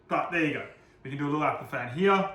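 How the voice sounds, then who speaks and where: A man's voice: fairly high pitch, quick pace, sharp tone, echoey room. A man giving a casual cooking demonstration, chatty and self-deprecating, joking about his own slips.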